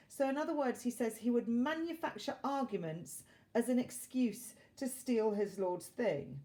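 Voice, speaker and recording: A woman's voice: on the high side, expressive, dark tone. Dry-voiced woman explaining a play. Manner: plain, measured, lightly dry delivery with fillers. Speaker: English literature teacher.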